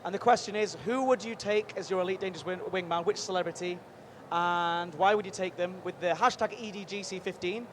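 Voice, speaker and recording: A man hosting a live stream from a busy convention booth, chatty and energetic, rambling with quick restarts. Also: high voice. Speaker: livestream host at a game convention booth. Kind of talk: upbeat live event hosting. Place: busy convention show floor. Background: faint crowd noise.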